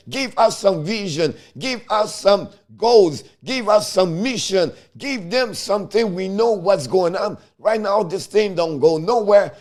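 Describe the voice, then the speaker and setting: Frustrated hockey commentator with tinged English. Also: male voice, sits high. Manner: heated, frustrated, repetitive, broken English phrasing. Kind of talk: ranting fan commentary.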